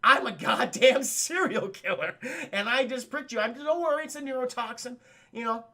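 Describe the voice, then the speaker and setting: A man voicing a creepy male doctor turned killer who speaks in a smug, sly, drawn-out way. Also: extremely high pitch, pushed and bright, pitched above the performer's own voice, exaggerated voice.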